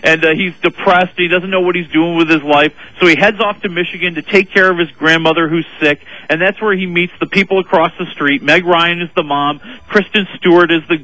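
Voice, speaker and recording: High, bright-voiced chatty man reviewing films. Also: brisk, few pauses, no room sound, poor audio. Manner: animated storytelling with many fillers. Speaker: film reviewer. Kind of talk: casual radio movie review.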